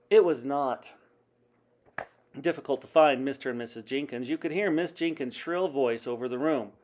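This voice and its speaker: A man reading a children's book aloud in a dramatic, animated way, like a teacher at story time. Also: mid-range voice, normal speed.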